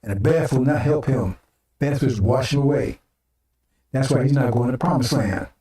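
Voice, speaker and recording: A man's voice: mid-range voice, normal speed, dark tone. An older man giving an informal sermon broadcast, talking rhetorically, repeating phrases and tagging on "right?" and "see?". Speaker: preacher. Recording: echoey room, mic at a distance.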